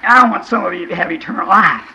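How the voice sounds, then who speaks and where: A man preaching a sermon to a congregation, fervent, dropping to quiet asides and then crying out in shouts, with questions thrown to the listeners. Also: high voice, fast talker, crowd noise, low-quality recording.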